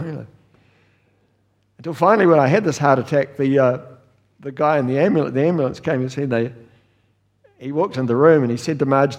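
An older New Zealand man preaching with an easy, anecdotal delivery. His voice sits at an ordinary middle pitch, and he chuckles through his stories while making his points. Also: animated, measured pace, long pauses, breathy edge, long reverb tail. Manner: folksy storytelling, chuckles often. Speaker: pastor. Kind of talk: sermon.

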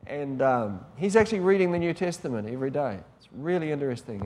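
A male pastor delivers a sermon in a loose, conversational way, circling back and restarting his sentences. His voice sits a little high for a man. It rings out with a long reverb, as if from a large hall. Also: lively intonation, quick pace, a little mellow. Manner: conversational and rambling, with frequent restarts.

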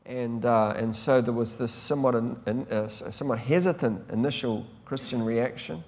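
A man's voice: mid-range voice, normal speed, darkish tone. A man preaching a sermon as a pastor, in a conversational, rambling way with frequent restarts. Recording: long hall reverb.

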